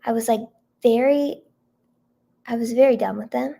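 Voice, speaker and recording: A hoarse woman singer-songwriter chatting casually on a livestream, thanking viewers by name and filling her talk with "like" and "um". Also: on the high side, moderate pace, warm tone.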